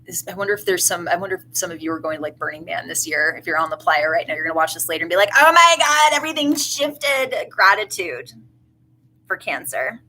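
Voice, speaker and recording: A woman's voice: sits low, fast talker, bright, forceful tone, breathy edge, low-quality recording. A woman giving a casual live tarot reading, chatty and effusive with many asides. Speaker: tarot reader.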